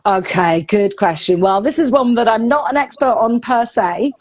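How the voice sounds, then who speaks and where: A woman's voice: a little high, moderate pace. A woman from the UK with a southern English accent, an English teacher talking casually and expressively in a live-stream conversation. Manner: chatty, expressive, laughs often.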